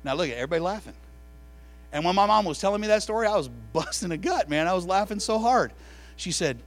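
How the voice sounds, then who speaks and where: A man preaching a sermon to a room of listeners, telling stories in an animated way that builds to loud, excited peaks. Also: sits high, quick pace, faint music behind, rough recording. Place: room with an audience.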